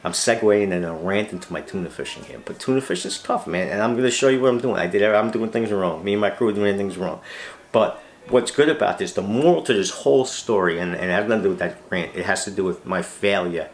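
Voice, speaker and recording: On his fishing channel, a middle-aged man who retired from the police delivers a ranting monologue to camera. His voice is deep and the sound reverberant. He drives his points home emphatically, repeating words and asking rhetorical questions.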